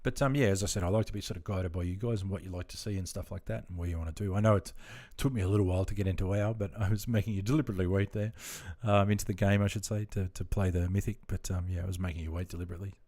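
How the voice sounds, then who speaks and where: A man's voice: deep voice, steady tone, very fast, few pauses, mellow. A laid-back Australian man chatting casually with viewers during a game stream, rambling and friendly with lots of fillers. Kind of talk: casual live-stream chat.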